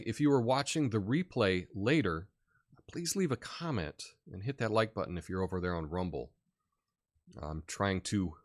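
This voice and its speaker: A middle-aged American man talks casually on his live stream, reading out comments between easy laughs and filler words. His voice sits a little low. The sound is dry and close, with no room echo. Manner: relaxed, chatty, laughs often, many fillers. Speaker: live show host.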